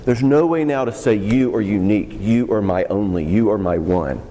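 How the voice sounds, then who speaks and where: A man teaching youth workers in a casual, frank talk, joking and throwing in quick asides. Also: fairly low pitch, warm tone. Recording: long hall reverb.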